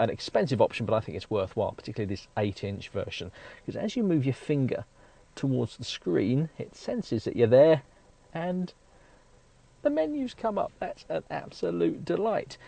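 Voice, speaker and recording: A man's voice: medium pitch, darkish tone, no echo. A man presenting a car review, chatty and enthusiastic with wry asides, recorded inside a car. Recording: audible road and traffic noise behind.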